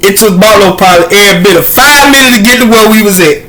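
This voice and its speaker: A man telling a comedic story, animated and laughing often as he acts out voices. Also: sits high, quick pace, poor audio.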